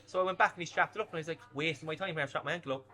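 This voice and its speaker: A fast-talking man in his thirties recounts his playing days in a casual interview. His voice is bright and forceful, and he tells his anecdotes with lively energy and plenty of swearing. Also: on the high side. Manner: animated anecdotes, swears freely. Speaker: former footballer guest.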